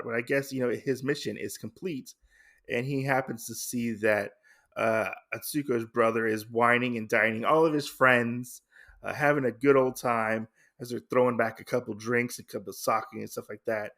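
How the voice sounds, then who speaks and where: A man sits at the mic and recaps a comic story in a loose, rambling way, full of fillers and self-corrections. His mid-pitched voice has a gravelly creak. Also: moderate pace, fairly bright tone. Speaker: podcast host.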